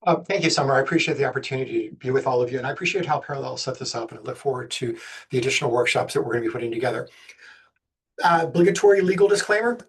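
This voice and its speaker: A man from the States, giving a webinar presentation on special education law in a fast, energetic way with jokey asides. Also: medium pitch, slightly rough. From Southern United States.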